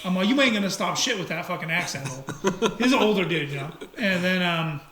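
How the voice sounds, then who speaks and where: A man in casual chat, telling a heated story in an animated, profane way. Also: sits high, fairly quick, a crowd in the background. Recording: echoey room, faint noise.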